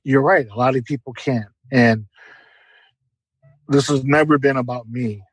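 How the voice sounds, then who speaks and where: A man's voice: mid-range voice, steady tone, measured pace, breathy edge, dry recording, poor audio. A middle-aged man giving an emotional, earnest personal testimony as a podcast guest, often repeating words.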